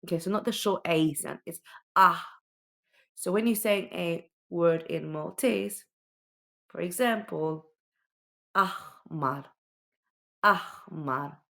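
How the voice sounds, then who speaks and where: A woman's voice: fairly low pitch, measured pace, creaky. A woman teaching children the alphabet, patiently sounding out each letter and often checking in with "okay?". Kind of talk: slow alphabet lesson for children.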